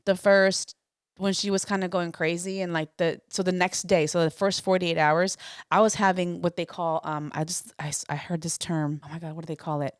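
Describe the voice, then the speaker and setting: A woman's voice: on the low side, little pitch movement, normal speed, dry recording, clean studio sound. A tired young woman co-hosting a podcast, talking candidly in a rambling casual chat. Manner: candid, hedging, rambling with restarts. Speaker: podcast co-host.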